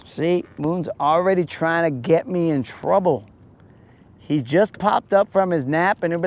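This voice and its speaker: A man hosts a live fishing stream, chatting casually with his viewers. His voice sits a bit high for a man and he talks at an unhurried, drawn-out pace, teasing and joking as he goes. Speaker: fishing livestream host.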